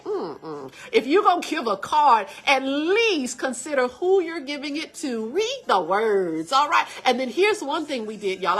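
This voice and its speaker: A woman's voice: on the high side, a bit bright. A middle-aged woman co-hosting a church livestream, chatting casually and laughing as she reads viewer comments.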